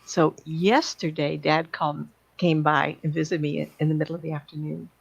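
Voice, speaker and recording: Gravelly, low-pitched woman medium, chatty anecdotes, dull lo-fi stream audio. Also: level tone, fairly quick, few pauses. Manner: chatty, laughing, acts out quoted voices. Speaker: psychic medium guest. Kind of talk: rambling anecdotal storytelling.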